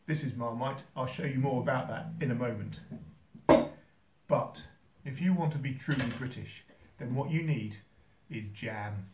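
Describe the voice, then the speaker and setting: A man hosting a how-to video from a holiday home kitchen, talking in a dry, mock-serious, gently teasing way. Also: medium pitch, moderate pace, pauses often, reverberant, far from the mic, noisy background. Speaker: host. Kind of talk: deadpan comic how-to video.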